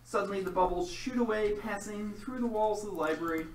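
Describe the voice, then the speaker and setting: A man running a tabletop role-playing game as game master, with steady descriptive narration and quick rule calls. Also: high voice, a little hiss or hum. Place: room with several players. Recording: roomy sound from a distant mic, crowd chatter.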